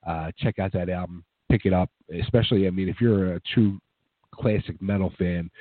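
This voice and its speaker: A man hosting a rock radio show, hoarse from a cold, rambling casually with lots of fillers as he wraps up. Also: deep voice, fairly even intonation, moderate pace, no room sound. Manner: rambling, filler-heavy, laid-back. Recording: dry, phone-like narrow sound.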